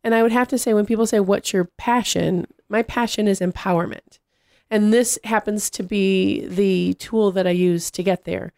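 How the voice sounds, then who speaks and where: A woman in casual conversation, telling animated stories and acting out what people said. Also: mid-range voice, moderate pace, vocal fry, dry recording, studio quality. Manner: animated storyteller, acts out quotes.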